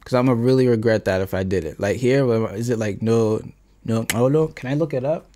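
Animated young American man vlogging. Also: mid-range voice, brisk. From United States. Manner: animated, laughing, swears freely. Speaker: YouTuber. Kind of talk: casual vlog talk.

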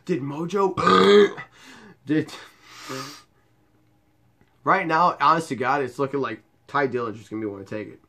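A man's voice: medium pitch, animated, moderate pace, gravelly, pauses often, bright, forceful tone. A young man playing a wrestling video game and commenting crudely and sarcastically as he plays. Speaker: gaming YouTuber. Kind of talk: profane let's-play commentary.

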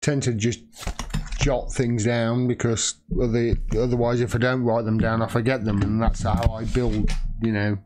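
A man's voice: mid-range voice, level tone, normal speed, noisy background. A man giving an angry, profane livestream rant as a political video commentator, heated and emphatic.

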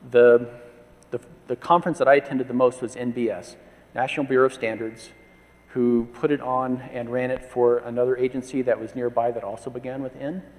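A man's voice: mid-range voice, level tone, fairly quick, darkish tone. Wry man telling anecdotes in a hall. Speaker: conference speaker. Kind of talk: conference presentation. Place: conference hall. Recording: long reverb of a large hall.

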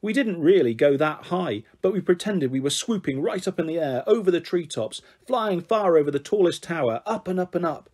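A man reading a children's book aloud as a storyteller, gentle and expressive. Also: a little high, normal speed, few pauses.

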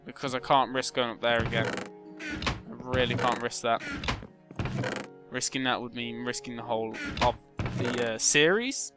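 A young gaming channel host offers casual gameplay commentary at normal speed and medium pitch, over loud music. He mutters to himself, then breaks into loud, excitable shouts.

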